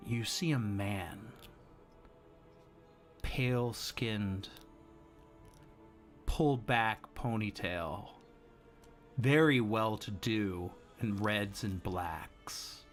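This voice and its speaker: A man running a live-streamed tabletop game as game master, narrating scenes slowly and dramatically. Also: on the low side, soft background music. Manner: slow, dramatic descriptive narration.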